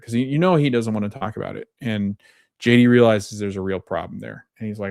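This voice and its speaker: Low-voiced man recapping a show. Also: a little fast, gravelly, darkish tone, no echo, studio quality. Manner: rambling, retells scenes with loose quotes and fillers. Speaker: podcast host. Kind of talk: casual recap and reaction.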